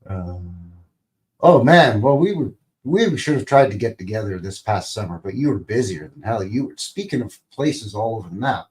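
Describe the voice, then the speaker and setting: Male streamer, low-pitched, loose rambling chat, playful noises. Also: lively intonation, normal speed, darkish tone. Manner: rambling, playful, makes goofy sound effects. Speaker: livestream host. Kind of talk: casual live-stream chat.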